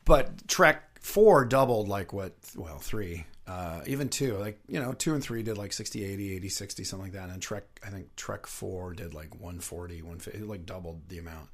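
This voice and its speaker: A middle-aged man who is a guest on an interview show, telling rambling, lively anecdotes and laughing often. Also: deep voice, moderate pace, hardly any pauses. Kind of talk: casual anecdotal storytelling.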